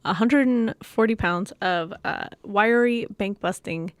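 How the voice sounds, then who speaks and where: A woman's voice: mid-range voice, a little slow, dry recording. A woman co-hosting a podcast, narrating a true story from notes and laughing often.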